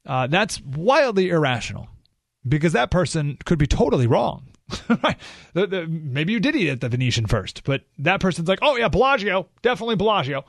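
A man's voice: fairly high pitch, vocal fry, no room sound. A man hosting a radio talk show, giving an emphatic, opinionated monologue full of rhetorical questions, recorded in a studio.

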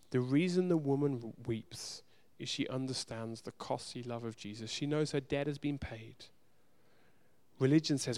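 A man preaching a sermon, speaking earnestly and directly to his congregation, swinging from loud urgency to soft hushed moments. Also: medium pitch, moderate pace. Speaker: pastor.

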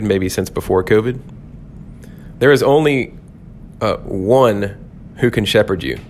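A man with a voice on the low side hosts his first devotional podcast as a pastor, teaching on a psalm. He's earnest and thoughtful, often restarting his sentences, and there's slight background noise.

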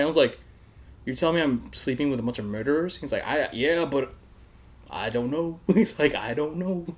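A man's voice: mid-range voice, animated, moderate pace. A man telling a story in casual chat, laughing often and acting out other people's voices.

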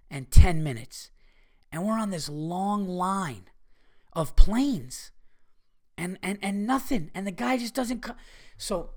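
Man, casual storyteller, animated, swears a lot, acts out quoted voices, somewhat high pitch. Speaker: podcast host.

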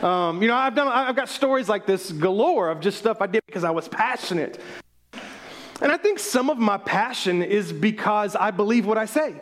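Passionate high-voiced male pastor preaching. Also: expressive, normal speed. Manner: passionate, building to near shouting. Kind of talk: sermon. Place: church sanctuary.

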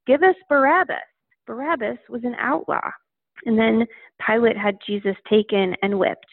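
A woman reading a Bible passage aloud in a steady, plain manner. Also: on the high side, normal speed, creaky, slightly rough, dry recording. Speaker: scripture reader. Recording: tinny phone-like line.

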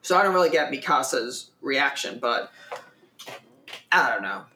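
Laid back co-host, bright sharp voice, kinda unsure, roomy echo. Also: mid-range voice, expressive, a little slow, slight background noise. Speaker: podcast co-host. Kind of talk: casual chat about an anime episode.

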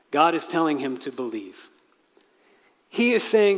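Male pastor, slightly higher voice, earnest sermon delivery, reverberant sanctuary. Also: big pitch swings, unhurried, pauses often. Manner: earnest, acts out quoted prayers with rising intensity. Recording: long hall reverb.

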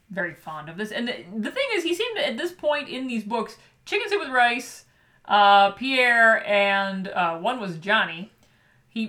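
A woman's voice: medium pitch, a bit bright. A woman co-hosting a podcast, chatting animatedly about a children's picture book and laughing often. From Michigan. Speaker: podcast co-host.

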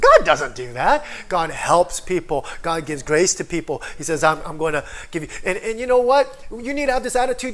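A man's voice: on the high side, moderate pace, hardly any pauses. A man preaching an online sermon with lots of energy, often calling out for an amen and acting out people's inner voices. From foreigner living in Korea. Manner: energetic, calls for amens, acts out inner voices. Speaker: pastor.

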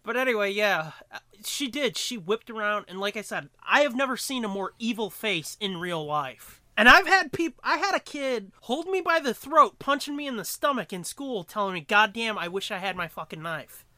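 A man co-hosting a podcast in casual chat, telling stories in an animated, profane way. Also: very high-pitched, normal speed, no room sound, studio quality. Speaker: podcast co-host.

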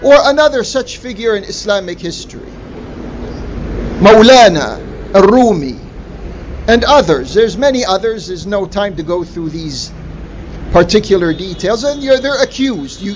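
A man preaching a sermon in a slow, deliberate way, stressing key words with emphatic rises. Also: sits high, lively intonation. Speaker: Islamic preacher. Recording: dull lo-fi recording with faint noise.

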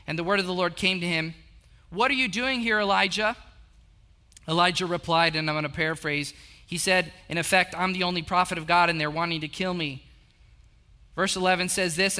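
A middle-aged man preaching with a high, strikingly bright voice. He builds up in short, repeated urgings, then drops to a hushed, slow closeness. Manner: swings from rising exhortation to hushed, slow intimacy. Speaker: pastor. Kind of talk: sermon.

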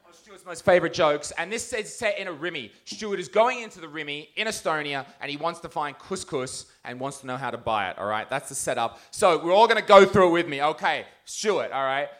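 A man's voice: fairly high pitch, expressive, brisk, hardly any pauses, fairly bright tone. A man doing live stand-up on a comedy stage, roasting people in the audience with crude, mocking banter.

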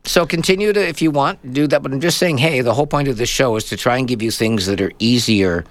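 A man's voice: medium pitch, quick pace, no echo. A man hosting a radio tech show, explaining things in a casual, chatty way. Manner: chatty, explaining, repeats words when searching. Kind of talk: casual on-air chat.

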